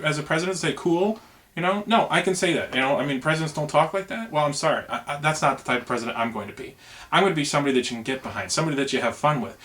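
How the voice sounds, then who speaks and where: A man's voice: mid-range voice, fairly bright tone. A man who drives trucks, talking straight to camera about running for president, earnest and rambling with lots of "you know". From United States. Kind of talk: casual campaign video to camera.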